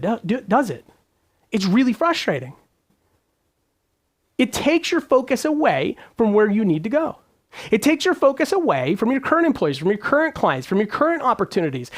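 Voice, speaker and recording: A business coach talks straight to his listeners, hammering his points home with repeated phrases and rhetorical questions. His pitch swings widely, rising and dipping as he pushes each idea. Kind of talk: motivational talk to camera.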